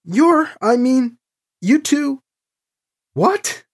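A man's voice: very high voice, huge pitch swings, moderate pace, creaky, breathy edge, pitched above the performer's own voice, full character voice. A narrator voicing a concerned, bewildered male prisoner who speaks hesitantly.

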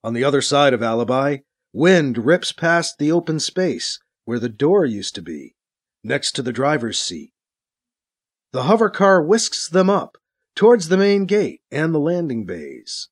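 A man narrating a science-fiction story with a dramatic, expressive reading. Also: fairly high pitch, unhurried. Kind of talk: audiobook narration.

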